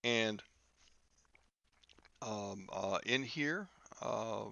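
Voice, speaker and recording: A man teaching a software lesson over a screen recording, talking haltingly with many fillers and restarts. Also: on the low side, gravelly, no room sound, highs cut off. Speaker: instructor.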